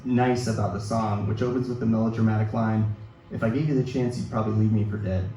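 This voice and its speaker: Guy in his 30s reading his own essay at a book event, measured and self-mocking, far from the mic, faint background hiss. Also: medium pitch, mellow. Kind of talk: literary reading of a personal essay. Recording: echoey hall, distant mic, faint noise.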